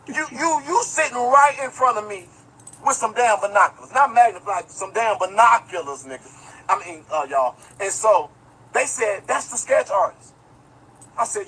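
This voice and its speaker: With a high, expressive, sharp-toned voice at normal speed, this online commentator rambles through a profane story on his livestream. He addresses viewers directly and reads chat out loud, and the audio is poor and slightly rough.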